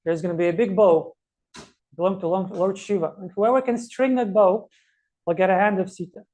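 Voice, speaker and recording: A man's voice: sits high, fairly even intonation, brisk, dark tone, close to an everyday voice. A man voicing an ancient king who proclaims a contest to visiting princes. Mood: proclaiming.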